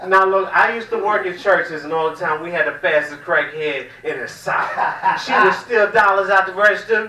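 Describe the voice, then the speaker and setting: A man from the American South doing a loud, profane, rambling stand-up set in a small cafe comedy room. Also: a little high, brisk, a crowd in the background. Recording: echoey room, mic at a distance.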